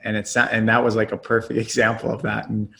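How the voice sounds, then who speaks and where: Man, podcast host, gravelly, low-pitched, reflective interviewer. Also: completely flat delivery, fairly quick, sharp tone.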